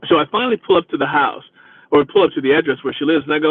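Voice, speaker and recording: A man who drives for a rideshare service, hosting his vlog and retelling a ride in a chatty, animated way. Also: on the high side, very fast, breathy edge, no echo. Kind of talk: casual storytelling. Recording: dry, phone-like lo-fi sound.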